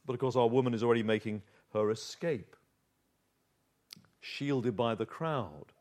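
A man preaches an expository sermon on a Bible passage, narrating it vividly and posing rhetorical questions. He speaks in a mid-range, darkish voice, a little slowly.

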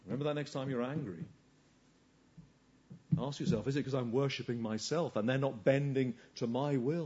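A man preaching a sermon. He asks rhetorical questions and swings between hushed lines and forceful emphasis. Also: mid-range voice, normal speed, long pauses, dull audio.

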